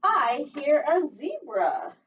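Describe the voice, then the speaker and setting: Young woman doing kids storytime, swoopy sing-song voice, slow and a bit high, sounds far off and dull. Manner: lively sing-song read-aloud with frequent laughs. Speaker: children's librarian. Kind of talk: prerecorded children's storytime. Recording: distant dull mic in a room.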